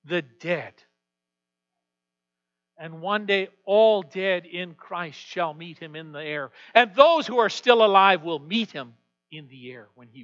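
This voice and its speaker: A man preaching a sermon as pastor, swinging from hushed, quiet passages to loud, emphatic declarations. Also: high-pitched, slow pace, clear, resonant tone. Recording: dull lo-fi sound with long hall reverb.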